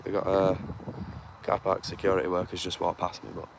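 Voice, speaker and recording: A man with a fairly low voice streams live from an outdoor car park, holding his phone. He chats in a hushed, conspiratorial way and reads viewers' comments aloud. Urban noise and passing vehicles sit clearly behind him. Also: little pitch movement, fairly quick. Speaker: livestreamer.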